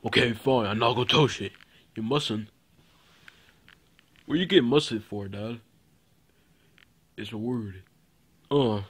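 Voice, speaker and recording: Brief: a man ad-libbing a homemade puppet show, slow and rambling, mid-pitched. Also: fairly bright tone, slightly rough. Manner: rambling and repetitive, with fillers. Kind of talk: improvised toy puppet skit.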